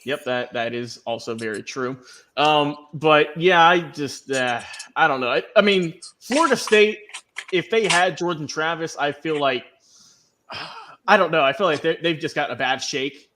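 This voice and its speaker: A man's voice: a little high, measured pace, pushed and bright, slight background noise. A man hosting a casual sports prediction panel, easygoing and hesitant, with many ums. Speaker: sports show host.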